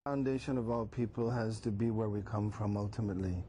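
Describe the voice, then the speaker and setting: A man in an archive clip making flat claims about himself in a slow, deadpan way. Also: lowish voice, a little hiss or hum. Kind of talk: archive clip talk and sing-song chanting. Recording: clip with loud reggae music.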